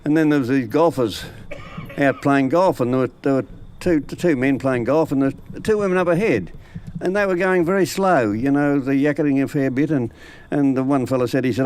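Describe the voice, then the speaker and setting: A man's voice: mid-range voice, normal speed, a little mellow, clean tone. Man telling folksy jokes. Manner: chuckles at his own punchlines; folksy and rambling, with restarts. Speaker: joke teller.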